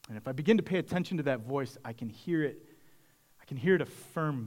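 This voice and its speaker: A man's voice: mid-range voice, expressive, brisk, a little mellow. A man preaching a sermon as pastor, talking to the congregation in a conversational, reflective way.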